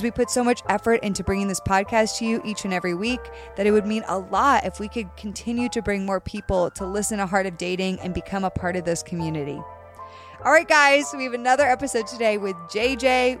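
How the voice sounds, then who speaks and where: Upbeat woman hosting a dating podcast. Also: mid-range voice. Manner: upbeat, laughs often, talks directly to listeners. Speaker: podcast host. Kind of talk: casual dating podcast chat.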